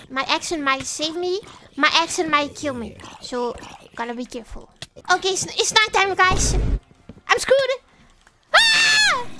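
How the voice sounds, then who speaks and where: A woman from Europe commentating her live game stream in an excitable way, often breaking into startled shrieks. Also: very high voice, background noise.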